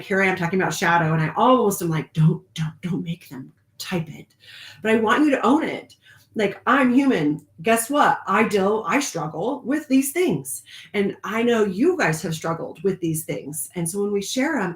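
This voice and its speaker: A woman with a medium-pitched voice leads a live online spiritual group, speaking warmly and confidingly, laughing often and slowing down at moments. Her voice sounds reverberant.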